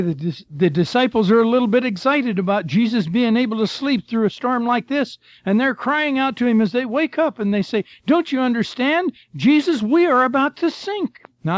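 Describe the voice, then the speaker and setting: Older male preacher, folksy and storytelling, high voice, muffled dry sound. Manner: folksy, storytelling, addresses listeners as folks and friend. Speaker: preacher, former missionary. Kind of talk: sermon with Bible reading.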